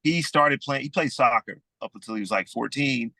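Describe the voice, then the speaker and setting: A man in his fifties with a Southern US accent, chatting easily as a podcast guest and telling stories in a relaxed way. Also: medium pitch, normal speed, no echo. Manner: easygoing storyteller, calls people "man". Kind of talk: casual conversation.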